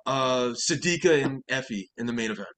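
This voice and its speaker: A man co-hosting a podcast, telling a relaxed anecdote in casual chat. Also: medium pitch, brisk. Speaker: podcast co-host.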